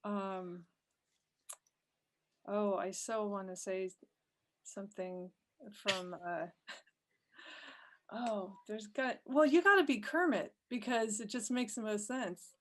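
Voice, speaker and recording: A woman's voice: medium pitch, slow pace, long pauses. A woman in a casual group chat, hesitant as she picks voices for others.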